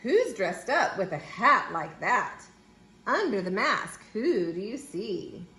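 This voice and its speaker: A woman reading a children's picture book aloud in an expressive, sing-song way, slipping into playful squeaky voices for the characters. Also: takes it slowly, echoey room. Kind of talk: children's storybook read-aloud.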